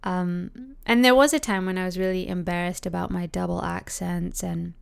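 A woman's voice: on the low side, fairly even intonation, moderate pace, gravelly, clear, resonant tone. Reflective woman with a Canadian accent. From Britain, raised in Canada. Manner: conversational, thoughtful, frequent 'like' fillers. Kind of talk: reflective personal monologue.

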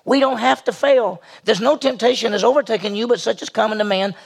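A man's voice: high voice, fairly quick, gravelly. A man who is a senior pastor, preaching a conversational sermon and acting out the people he quotes.

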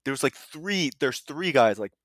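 A man's voice: medium pitch, lively intonation, normal speed, a bit bright, no room sound. A man hosting a casual podcast chat, laughing often and rambling through stories with lots of fillers. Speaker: podcast host. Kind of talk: casual chat over drinks.

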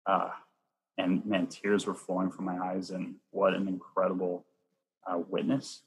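A man who works as a Catholic youth minister, telling personal stories earnestly in a chatty way, sometimes rushing with excitement. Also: deep voice, gravelly, husky, poor audio. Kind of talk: personal storytelling in an interview.

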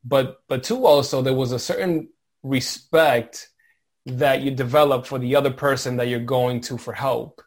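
Mid-pitched guy, it worker guest, talks slow and careful, trails off sometimes. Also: fairly even intonation. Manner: thoughtful, halting, searches for words. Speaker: IT professional, guest. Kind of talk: reflective conversation.

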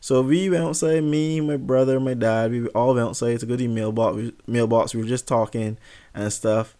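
A young man casually telling a funny story in an animated, profane and self-mocking way. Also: medium pitch, normal speed, smooth.

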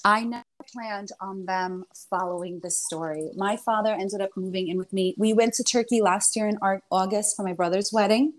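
A woman guest in a casual chat, telling a long family story in a rambling, animated way. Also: mid-range voice, moderate pace, hardly any pauses. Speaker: interview guest.

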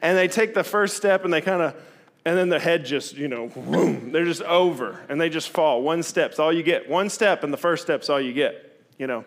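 A middle-aged man, preaching a sermon in a candid, conversational way that swings from loud to hushed. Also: on the high side, normal speed. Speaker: pastor.

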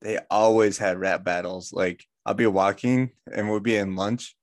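A man's voice: fairly low pitch, steady tone, moderate pace, dry recording, clean studio sound. A young man co-hosting a podcast, chatting casually, laid-back and chuckling, swearing now and then. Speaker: podcast co-host. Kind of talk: casual chat.

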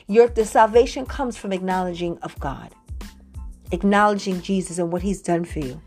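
A woman preaching in a faith podcast, reading scripture slowly and urging her listeners to say the words back to her. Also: lowish voice, soft background music. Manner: expressive, calls on listeners to repeat after her; slows down to read scripture with emphasis. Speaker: faith coach.

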